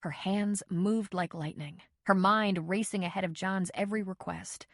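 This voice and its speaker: A woman reading a novel aloud as an audiobook narrator, steady and measured. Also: mid-range voice, no echo, clean studio sound. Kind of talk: scripted narration.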